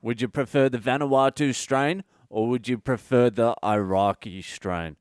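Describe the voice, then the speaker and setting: Comic, sweary sardonic monologue, smooth voice, dry close mic. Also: male voice, mid-range voice, a little slow, a little mellow, dry recording. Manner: profane, ranting, sardonic. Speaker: comedian podcast host. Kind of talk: solo comedic monologue.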